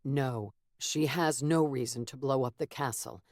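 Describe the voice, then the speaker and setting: A woman's voice: very deep voice, unhurried, a little mellow, no room sound, studio quality, pitched below the performer's own voice. A woman voicing a young male soldier who speaks in an urgent, clipped way in an audiobook. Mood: tense. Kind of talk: audiobook character voice.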